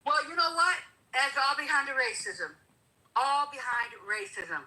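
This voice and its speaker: A woman with a high, very bright voice delivers heated political talk. She preaches and repeats herself for emphasis. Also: very animated, unhurried, rough recording. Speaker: guest commentator.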